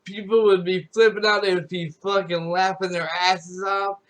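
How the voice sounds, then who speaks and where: A man with a notably high voice chats to his audience as a streamer. His storytelling wanders, full of restarts and repeated phrases. The tone stays casual and unscripted throughout. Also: flat delivery, normal speed, a bit bright. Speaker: gaming YouTuber and streamer.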